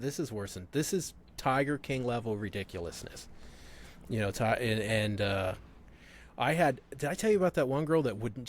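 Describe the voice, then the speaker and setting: A man in casual conversation, telling stories with frequent laughter and swearing. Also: mid-range voice. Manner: laughs often, profane storytelling. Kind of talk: casual chat.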